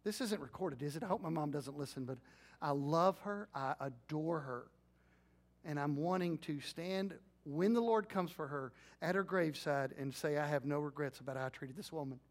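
A middle-aged male pastor preaching a conversational sermon, asking his congregation questions and dropping into quiet, intimate asides. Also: a little high, normal speed.

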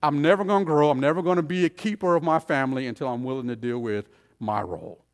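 A male pastor preaching a sermon, emphatic, firing repeated rhetorical questions and swinging between loud and hushed. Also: a little high, fast talker.

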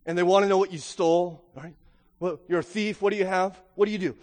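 A man's voice: high voice, steady tone, fast, a little mellow, long reverb tail. A male pastor preaching an Easter sermon, emphatic and conversational, full of rhetorical questions and asides of "right?".

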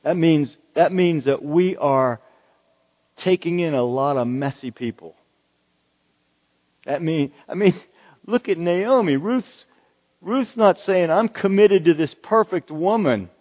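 A man's voice: a little high, expressive, slow, long pauses. An older man from Oklahoma preaching a sermon, earnest and emphatic, often restarting his phrases. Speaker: pastor. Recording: dull, echoey hall recording.

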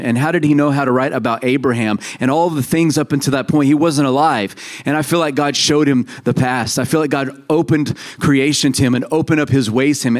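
A man in his thirties preaching a sermon in a conversational way, telling stories and acting out quoted voices. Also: mid-range voice. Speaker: pastor.

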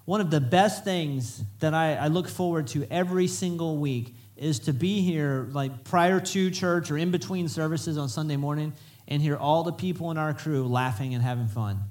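A man preaching a conversational, animated sermon in a church, often restarting his sentences. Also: a little high. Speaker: pastor. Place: church sanctuary.

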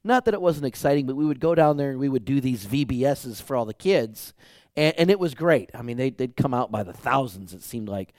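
A man's voice: mid-range voice, animated, a little fast, darkish tone, no room sound, studio quality. A male pastor preaching a sermon, telling stories animatedly with a voice that climbs when he gets worked up.

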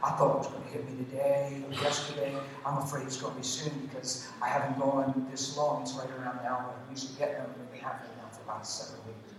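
Man putting on a rambling migraine complainer, low mumble, distant, echoey hall. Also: flat delivery, quick pace, hardly any pauses, a crowd in the background, lightly acted. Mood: griping.

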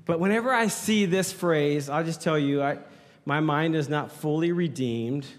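Speaking at normal speed in a slightly high voice, a man preaches a sermon as pastor, holding a handheld mic. The church hall adds reverb as he jokes playfully with his congregation.

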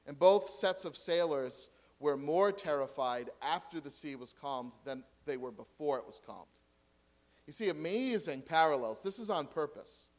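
A man preaching a sermon to a congregation, swinging between loud emphatic points and quiet asides and questions. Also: a little high. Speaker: pastor.

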